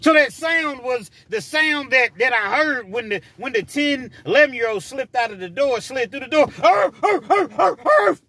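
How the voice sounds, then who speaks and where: A man's voice: extremely high pitch, moderate pace, few pauses. A man telling a personal story casually, acting out scenes as he goes. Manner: animated, acts out scenes.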